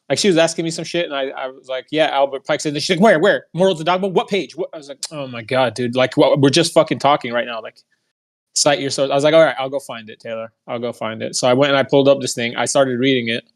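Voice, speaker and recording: A man's voice: medium pitch, fairly even intonation, fast. A young man telling a heated, profane story in a casual monologue, mocking the people he quotes. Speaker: podcast host.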